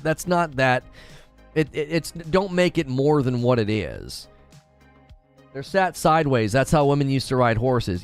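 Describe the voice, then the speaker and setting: A man hosting a gaming channel, chatting casually with a live audience in an animated, ranting way and stumbling over hard names. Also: on the high side. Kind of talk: casual live-stream chat, reading viewer comments.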